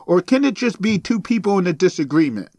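A man's voice: sits high, sing-song, a little fast, darkish tone, dry recording. A man hosting a solo podcast, ranting sarcastically and swearing as he rambles. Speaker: podcast host.

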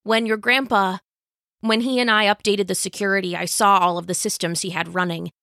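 A woman voicing a kind, gentle teenage boy friend in an audiobook, speaking with concern. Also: medium pitch, fairly even intonation, fairly quick, gravelly, dry recording, clean studio sound.

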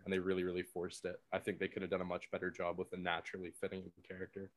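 A man's voice: sits low, flat delivery, fast, hardly any pauses, no echo. A young man co-hosting a podcast in casual chat, blunt and opinionated, swearing freely. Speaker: podcast co-host.

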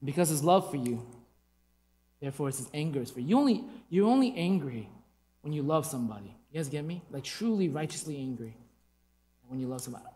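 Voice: mid-range voice, animated, brisk, dark tone. A preacher delivering an emphatic sermon, asking the congregation rhetorical questions. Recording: long hall reverb.

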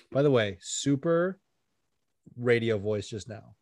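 A man's voice: mid-range voice, lively intonation, slow, pauses often, a little mellow, no echo. A man hosting a podcast in casual chat, rambling with lots of fillers, laughing often and swearing. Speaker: podcast host.

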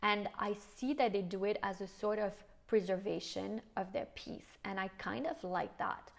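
A woman's voice: mid-range voice, normal speed, creaky. A middle-aged French woman with a French accent, hosting a casual solo podcast, frank and swearing casually, slipping in French phrases. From France. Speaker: podcast host.

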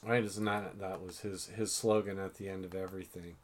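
A man's voice: deep voice, little pitch movement, a little fast, a little hiss or hum. A middle-aged man hosting a casual chat with his daughter, self-mocking and full of fillers. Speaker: podcast host.

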